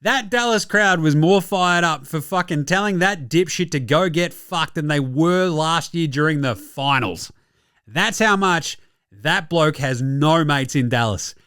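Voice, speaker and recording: Casting: Australian male sports-pod host, sweary and sarcastic, slightly high voice, dry close mic. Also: unhurried, fairly bright tone, smooth, no echo. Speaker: basketball podcast host. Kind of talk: casual sports commentary rant.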